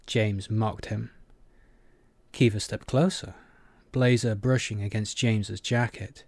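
A man narrating an audiobook in a measured, even manner. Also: fairly low pitch, no echo.

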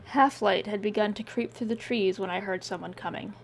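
A woman reading first-person scripted fiction in a measured, subdued way. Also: medium pitch, slight background noise. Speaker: audiobook narrator.

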